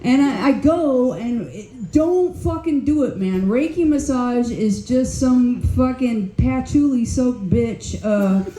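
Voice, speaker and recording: A woman's voice: on the high side, expressive, slow, hardly any pauses, mellow. An older woman doing a stand-up comedy set, telling blunt, profane stories on a club stage. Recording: roomy club echo.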